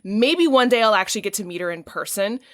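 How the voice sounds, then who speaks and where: A woman's voice: medium pitch, lively intonation, fast talker, no room sound, clean studio sound. A woman hosting a casual podcast interview, talking in a gushing, effusive way. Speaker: podcast host.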